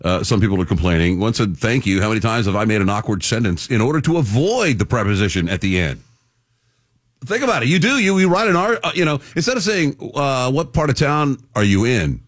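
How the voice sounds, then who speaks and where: A man's voice: mid-range voice, sing-song, fairly quick, no echo, studio quality. A man hosting a radio talk show, chatting casually and reading out news items with wry asides. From Florida.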